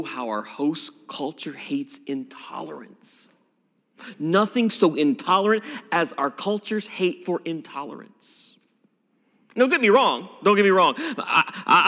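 A man delivers a sermon in a high, bright voice that swings widely in pitch. He preaches emphatically, at times falling to a hush, and his voice rings with the long reverb of a church sanctuary. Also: normal speed. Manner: expressive, emphatic preaching with dramatic drops to a hush. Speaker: pastor.

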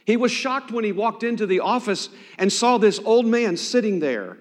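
A man preaching a sermon as pastor, swinging dramatically between loud emphasis and hushed near-whispers. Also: high-pitched, animated, normal speed. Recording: long hall reverb.

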